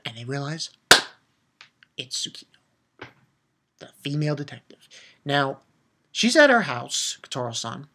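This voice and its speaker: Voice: medium pitch, a bit bright, slightly rough. An anime reviewer giving a casual episode recap, rambling with frequent restarts and fillers and getting emotional about the story.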